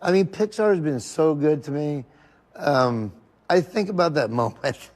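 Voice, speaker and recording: A tearful man, a comedian, laughing through his tears as he tells his story. His voice sits a little high, and the podcast clip carries a long reverb tail. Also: expressive, a little slow, darkish tone. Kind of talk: casual interview storytelling.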